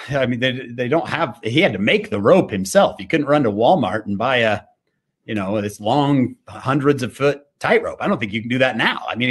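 A man's voice: mid-range voice, husky. A man giving a devotional fireside talk, telling a story with animation and frequent fillers and restarts. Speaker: speaker.

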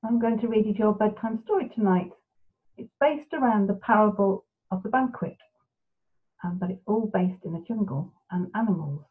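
A woman reading a bedtime storybook aloud in a soft, steady way. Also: medium pitch, normal speed. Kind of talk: gentle storybook narration. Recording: tinny phone-like sound.

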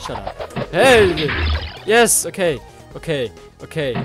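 A young man hosting a gaming let's play, excitable, yelling and swearing at the game, then rambling and hesitant as he talks to viewers. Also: fairly high pitch, slow pace. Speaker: gaming channel host. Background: game music and sounds.

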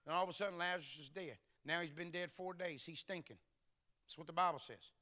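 A man's voice: fairly high pitch, fast talker, pushed and bright. A man preaching a sermon in a church, telling folksy stories and acting out the dialogue. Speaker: pastor. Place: church sanctuary.

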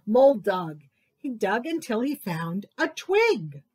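A woman librarian reading picture books aloud to children at story time, expressive and sing-song. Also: on the high side, slow pace, breathy edge.

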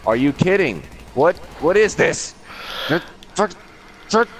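A man's voice: sits high, big pitch swings, slow pace, slight background noise. A man chatting casually while playing an online game with friends, swearing and exasperated at things going wrong. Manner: exasperated, swearing, laughing at failures. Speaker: gamer. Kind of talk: casual gaming chat.

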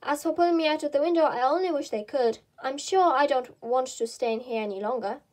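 A woman's voice: high-pitched, fairly quick, a little mellow, natural voice. A woman reading the lines of Alice, a curious, fretful little girl who talks to herself. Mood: musing.

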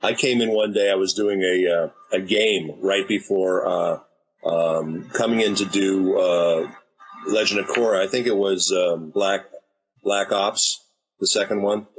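Here the same kind of guest, a US voice actor and director in his 50s, shares anecdotes easily in casual interview talk. On a low-quality recording, his low, husky voice keeps a fairly even intonation and a measured pace.

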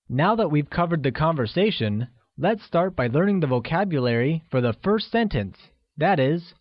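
A man narrating a scripted language lesson in a slow, deliberate and upbeat way, often pausing to praise the learner. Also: a little high, sing-song, no room sound. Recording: dry, dull lo-fi studio audio.

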